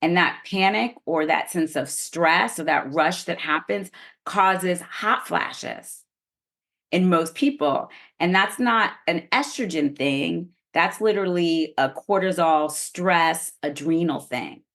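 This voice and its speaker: A middle-aged woman with a low voice talks through her own experience on a podcast. She explains things in an earnest, open way, as a guest expert sharing personal stories. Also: slow pace, fairly bright tone. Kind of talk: podcast interview.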